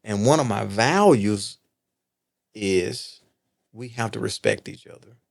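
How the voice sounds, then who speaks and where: A middle-aged Texan man is a guest on a casual podcast, telling personal stories earnestly. His voice is lowish and gravelly, and he speaks slowly. He hammers points home by repeating them and keeps checking in with "right?"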